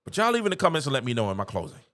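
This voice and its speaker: A man's voice: mid-range voice, huge pitch swings, rapid-fire, a bit bright. A man hosting a basketball show, talking casually and animatedly and laughing at his own jokes. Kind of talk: casual sports commentary.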